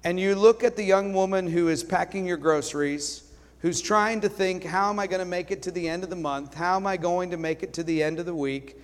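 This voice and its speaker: A man preaching a sermon as pastor, telling a story and swinging from loud delivery to hushed words. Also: high-pitched, fairly even intonation, a little fast. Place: church sanctuary. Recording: long hall reverb.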